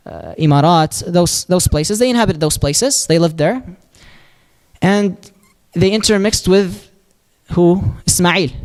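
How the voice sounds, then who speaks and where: A man's voice: a little high, clean tone. A man teaching a religious lesson, explaining step by step and answering his own questions. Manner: recites Arabic supplication quickly and softly. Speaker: Islamic teacher.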